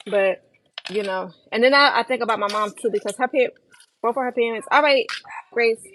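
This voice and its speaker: A woman's voice: a little high, fairly quick, fairly bright tone, a little hiss or hum, rough recording. A tired woman hosting a casual livestream from her home kitchen while she cooks, chatting and reading out viewer comments. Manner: chatty, reads out viewer comments and replies to them. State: tired from lack of sleep. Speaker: livestream host cooking dinner. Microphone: phone livestream. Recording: kitchen clatter of pans and cutlery.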